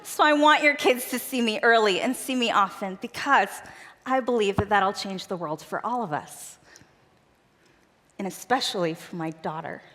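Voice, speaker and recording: Woman at a church event telling her story, earnest and chatty, mid pitch, big echoey hall. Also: a bit bright. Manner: earnest, conversational. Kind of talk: personal storytelling talk. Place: church auditorium stage. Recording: long reverb of a large church hall.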